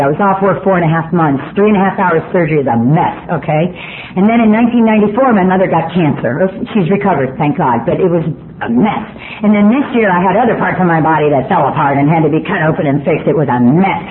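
A woman giving a personal recovery talk to a meeting room, blunt, profane and emphatic, with self-mocking humor. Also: lowish voice. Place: meeting room before an audience. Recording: tinny lo-fi recording with faint hiss.

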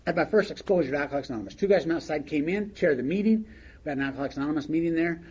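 A man telling his story to an audience in a wry, animated way, laughing along as he goes. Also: on the high side, rapid-fire, breathy edge, highs cut off. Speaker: speaker sharing his recovery story.

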